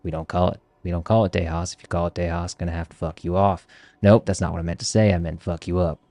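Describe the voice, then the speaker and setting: A man's voice: low-pitched, level tone, quick pace, dark tone, dry recording. A man from Texas streaming a game live, putting on a thick Texas accent and bantering with viewers in a joking, profane way. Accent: put-on Texas drawl. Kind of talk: casual livestream chat while gaming.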